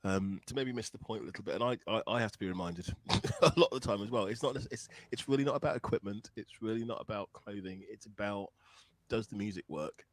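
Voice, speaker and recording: A guest songwriter and blues musician talks fast in a fairly low voice during a reflective conversation, earnest and thoughtful as he searches for words. The audio is poor, with no room sound.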